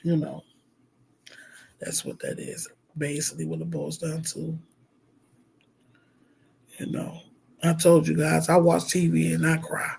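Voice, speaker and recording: A man's voice: fairly high pitch, little pitch movement, unhurried, creaky, long pauses, darkish tone, breathy edge. A middle-aged man, a minister, talking heartfelt and rambling on a casual livestream, with lots of fillers.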